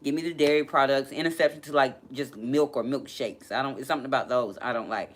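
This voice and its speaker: A woman hosting a casual live stream, chatting as she reads viewer comments and laughing often. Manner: chatty and animated, laughs often, quick pitch jumps. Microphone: laptop.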